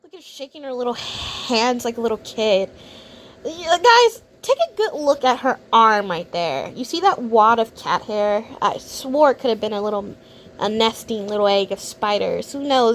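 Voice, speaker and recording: A woman's voice: on the high side, expressive, normal speed, slight background noise. A woman hosting a reaction video, commenting in a sneering, contemptuous way.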